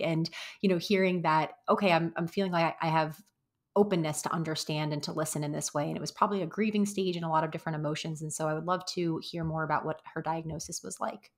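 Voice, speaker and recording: A woman hosting a podcast, responding with encouragement and asking thoughtful follow-up questions. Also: low voice. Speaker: podcast host. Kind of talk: interview questions.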